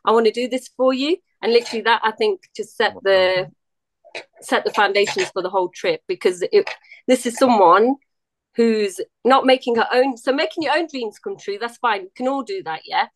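A woman guest on a podcast, reflecting warmly on a friend's kindness. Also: medium pitch, moderate pace, no echo. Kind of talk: casual conversation.

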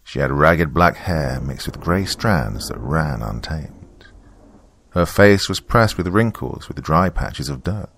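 A man reading a first-person horror story in a measured, hushed storytelling manner. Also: a bass voice, lively intonation, creaky, a little hiss or hum. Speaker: narrator. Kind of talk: scripted horror narration.

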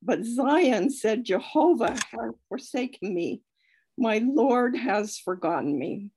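A woman in a study group reading scripture aloud slowly and with feeling over a video call. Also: a little high, lively intonation, darkish tone, slightly rough, low-quality recording. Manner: slow, careful, heartfelt reading.

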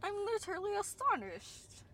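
A woman's voice: very high voice, big pitch swings, moderate pace, bright, forceful tone. A young woman co-hosting a casual chat. She says "literally" and "like" a lot and laughs often. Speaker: co-host.

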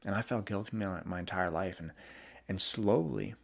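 With noticeable vocal fry in a voice that sits low, a young man hosts a solo podcast at a moderate pace. He reflects openly on his feelings and frequently backs up to rephrase.

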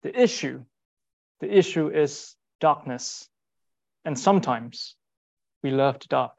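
A man giving a sermon in an earnest, rhetorical way, repeating short phrases and pausing for weight. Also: a little high, animated, creaky, a little mellow. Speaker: speaker giving a Bible talk.

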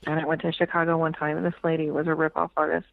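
A woman's voice: low-pitched, level tone, rapid-fire, gravelly, dry recording. Frank woman storyteller on a tinny line. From United States. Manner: frank, swears freely, acts out quoted voices. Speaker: tarot reader, guest. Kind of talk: casual storytelling interview. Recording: tinny phone-like radio line.

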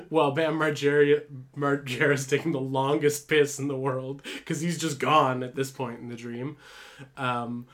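A man's voice: medium pitch, little pitch movement, a little slow, a bit bright. A young man co-hosting a podcast, telling a story in a rambling, casual way with swearing and laughter. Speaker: podcast co-host.

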